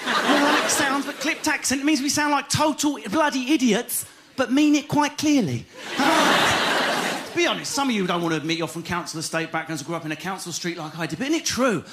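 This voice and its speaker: A man with an Essex accent doing a fast, animated stand-up comedy set on stage, often bursting into shouts. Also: very high-pitched, very noisy. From Essex, England. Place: comedy stage before an audience.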